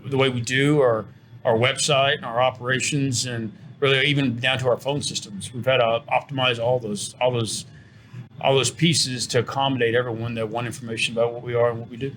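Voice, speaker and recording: Middle-aged guy selling his company in an interview, earnest, keeps restarting words, ordinary pitch, faint hiss. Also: fairly even intonation, brisk, fairly bright tone. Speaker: trucking company owner, interview guest. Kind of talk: promotional interview talk.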